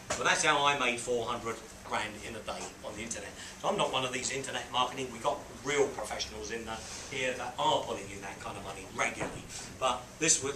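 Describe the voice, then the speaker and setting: A man mentoring a small group, telling a business story in a lively way and acting out quotes and beeping sounds. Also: medium pitch. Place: on a boat. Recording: roomy, distant mic with background noise.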